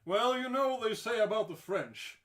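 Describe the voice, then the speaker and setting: A man's voice: high voice, lively intonation, normal speed, a bit bright. A man co-hosting improvised comedy banter, asking mock-serious questions and making crude jokes. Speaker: co-host playing an interviewer.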